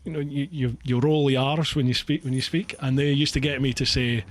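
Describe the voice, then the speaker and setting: A man's voice: medium pitch, fairly even intonation, brisk, slight background noise. A Scottish man hosting a podcast, chatting casually and laughing often at himself. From Scotland. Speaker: podcast host. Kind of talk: casual chat.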